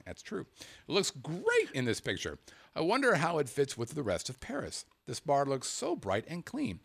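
A male show host in casual chat, reading viewer emails out loud. His voice sits at an ordinary pitch but swings widely up and down, lively and animated. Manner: animated, jumps into mock-angry voices when reading.

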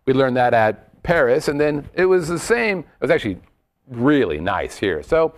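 A man hosts a relaxed chat show, telling stories in an animated, jokey way. His pitch swings widely as he talks. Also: normal speed. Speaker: show host. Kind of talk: casual chat.

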